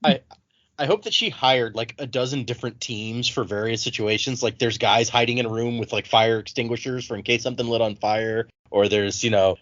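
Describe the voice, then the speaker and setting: A man's voice: mid-range voice, fairly quick, no room sound, highs cut off. A man co-hosting a casual book discussion podcast, retelling scenes and acting out quotes. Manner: animated retelling, reads quotes in put-on voices. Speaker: podcast co-host.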